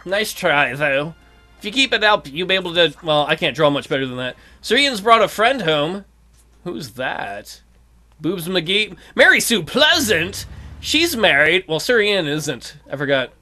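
A man hosting a let's play, giving casual, excitable commentary full of jokes and swearing. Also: sits high, measured pace, faint music behind. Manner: excitable and jokey, swears freely.

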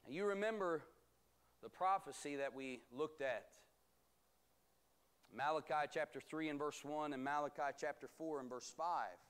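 A man teaching a bible study as pastor, reading scripture aloud and explaining it in a measured, emphatic way. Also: a little high, clear, resonant tone. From United States.

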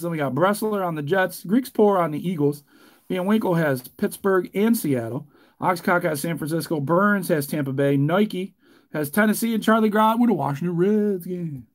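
A man hosts a live card break, talking casually and cracking jokes. His voice sits a little high, and he turns loud and excited when the hits come. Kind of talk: live stream break commentary.

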